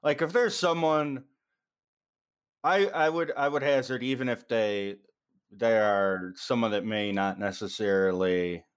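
A man's voice: mid-range voice, a little slow, clean tone. A man co-hosting a podcast, rambling in casual chat with fillers and swearing. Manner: rambling, profane, lots of fillers.

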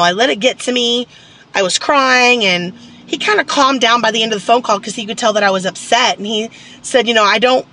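A woman's voice: fairly high pitch, fairly bright tone. A woman telling a personal story in a casual, candid vlog, rambling and venting with lots of fillers. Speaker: vlogger.

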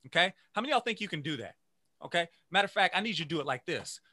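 A man who teaches music, giving an energetic motivational talk to teachers and chanting phrases in rhythm. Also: high-pitched, very fast, breathy edge, no echo, clean studio sound. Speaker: music educator.

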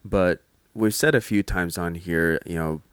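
A man's voice: deep voice, measured pace, clean tone, dry recording, clean studio sound. A man, a clinician, explaining patiently in casual podcast talk with many restarts. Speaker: mental health clinician guest.

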